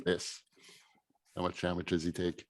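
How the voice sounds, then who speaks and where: A man's voice: low voice, completely flat delivery, unhurried. A man narrating a tabletop game as game master, easygoing and chuckling between rulings.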